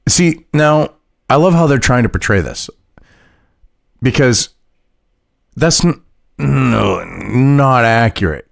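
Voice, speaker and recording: A man's voice: mid-range voice, vocal fry, no room sound, clean studio sound. A man hosting casual political commentary, mocking and profane, reading news aloud and reacting to it. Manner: mocking, profane, laughs at his own jokes.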